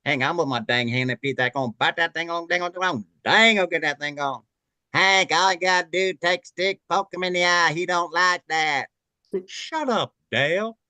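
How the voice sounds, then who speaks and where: A man's voice: fairly high pitch, moderate pace, sharp tone, clear, resonant tone, dry recording. A man doing impressions of folksy small-town cartoon neighbor men talking in a country drawl.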